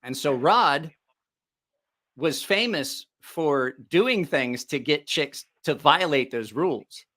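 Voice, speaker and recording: A man's voice: a little high, lively intonation, slow, bright, forceful tone. A middle-aged man hosting a live stream, telling a rambling, profane story with lots of laughter. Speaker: livestream host.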